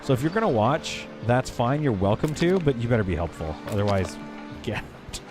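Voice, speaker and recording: Lively, joking male game streamer. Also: mid-range voice, music in the background. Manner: rambling and joking, chatting with viewers; halting, self-correcting stabs at French. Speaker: live streamer. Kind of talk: casual live-stream chat while playing.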